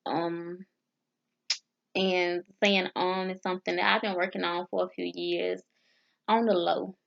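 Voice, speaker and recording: A woman vlogging casually as she practices foreign phrases, sounding them out haltingly with restarts and nervous, self-deprecating asides. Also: fairly low pitch, level tone, gravelly. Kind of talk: casual language practice vlog. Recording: dull lo-fi sound.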